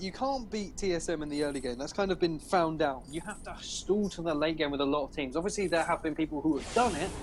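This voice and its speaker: A British man casting a live esports match, excitable and quick to shout at big plays. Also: fairly high pitch, noisy background. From Britain. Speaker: esports caster. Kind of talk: live game commentary.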